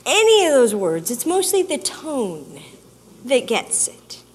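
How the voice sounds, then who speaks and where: A woman giving an expressive, storytelling talk to an audience, drawing out her emphasis. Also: sits high, slow pace, husky. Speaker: speaker. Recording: long hall reverb.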